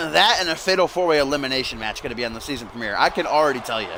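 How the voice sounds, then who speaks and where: A man giving live-stream play-by-play commentary on a wrestling video game, excitable and often rising to shouts on big moves. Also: mid-range voice, rapid-fire, a crowd in the background. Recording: clear background noise.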